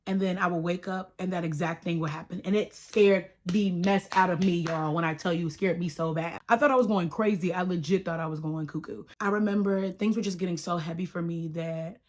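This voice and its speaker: Young woman telling her story, slightly low. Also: brisk, few pauses. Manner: animated, quotes others in dialogue, addresses viewers as y'all. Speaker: YouTuber sharing her testimony. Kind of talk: casual storytelling to camera.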